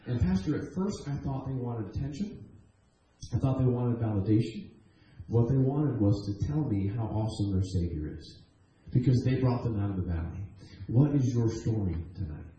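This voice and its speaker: A man's voice: mid-range voice, expressive, moderate pace, mellow, lo-fi sound. A man preaching a testimony sermon, telling stories earnestly and animatedly, with frequent restarts. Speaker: guest preacher. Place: church sanctuary. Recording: echoey church hall.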